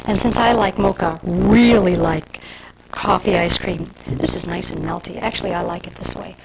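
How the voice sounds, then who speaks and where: A woman's voice: on the low side, fairly even intonation, normal speed, vocal fry, heavy background noise. A woman from Michigan hosting a cooking show, demonstrating a dessert to camera in a chatty, homey way with asides to the viewer. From Michigan, USA.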